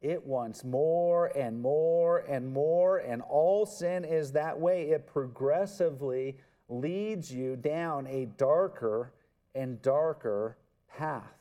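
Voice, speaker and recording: A man's voice: a little high, takes it slowly, dark tone. A man preaching an expository sermon, earnest and emphatic, repeating words for stress. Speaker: pastor.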